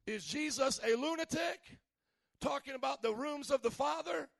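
A male pastor preaching a sermon, asking the congregation questions and building up to shouts. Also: extremely high pitch, normal speed, gravelly, no room sound. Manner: preachy call-and-response questions, rising to shouts.

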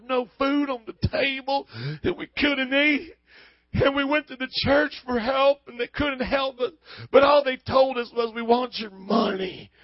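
A wailing, tearful voice of a self-pitying adult telling a sob story in an exaggerated put-on Southern drawl, as a preacher mocks it. It rises high and loud with a theatrical cry, while the sound stays dull and dry. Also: male voice, steady tone, a little slow, no echo. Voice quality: whining, tearful, overdone. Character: whiny adult couple faking a hard-luck sob story.

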